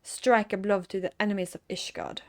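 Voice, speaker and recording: A woman's voice: medium pitch, steady tone, a little fast, natural voice. A woman voicing a proud, defiant young nobleman on trial in a fantasy game, earnest and pleading.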